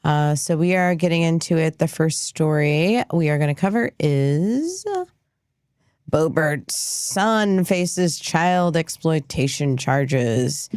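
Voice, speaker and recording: Woman, show host, low voice, slow delivery, casual rambling commentary. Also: a little mellow, clean tone, dry recording, studio quality. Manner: rambling, chatty, many fillers. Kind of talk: casual live news commentary.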